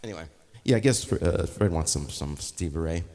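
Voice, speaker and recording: A man's voice: low voice, expressive, fairly quick, darkish tone, in a large hall. A man chatting casually to viewers on a music live stream, rambling with restarts.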